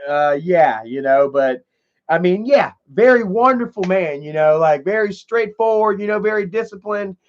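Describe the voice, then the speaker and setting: A man with a high-pitched voice talks off the cuff on a live stream, loose and rambling. He swears freely and leans on "man" and "you know". The audio is dull and lo-fi, with the top end muffled. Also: expressive, normal speed.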